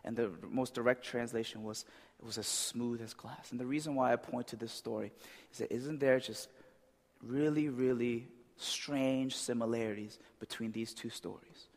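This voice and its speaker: A man's voice: mid-range voice, fairly even intonation, normal speed, a little mellow. A man preaching a conversational sermon as a pastor, often checking in with "right?". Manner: conversational, with frequent "right?" asides. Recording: long reverb of a large hall.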